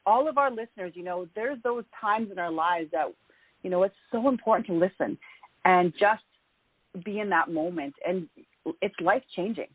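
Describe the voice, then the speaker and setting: A woman's voice: mid-range voice, expressive, normal speed, husky, no room sound. A woman hosting an interview show, responding with enthusiastic, affirming comments. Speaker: host. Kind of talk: interview chat. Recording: phone-like dry call audio.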